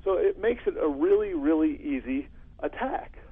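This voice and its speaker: A man working as a security consultant, telling stories in an interview in an animated way and acting out phone calls. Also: on the high side, normal speed, husky. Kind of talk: storytelling interview answer. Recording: phone-like lo-fi audio.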